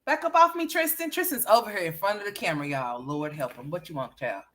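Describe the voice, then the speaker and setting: A woman's voice: lowish voice, fast, fairly bright tone. A woman hosting a casual livestream, playfully scolding and teasing her young sons. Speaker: livestream host.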